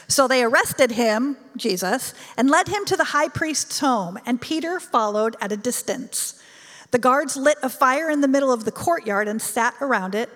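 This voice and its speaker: Woman, preacher, sermon, earnest and measured, higher voice, echoing hall. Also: a bit bright. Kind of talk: sermon with scripture reading.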